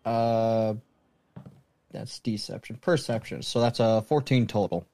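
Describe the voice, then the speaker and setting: A man's voice: fairly low pitch, steady tone, unhurried, mellow, no echo. A man playing in a tabletop game, chatting casually and joking about his rolls. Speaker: player.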